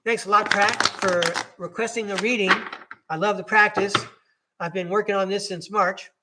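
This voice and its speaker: A man's voice: high voice, steady tone, normal speed, noisy background. A man hosting a live podcast stream, reading tarot cards in a chatty, laughing way and correcting himself as he goes.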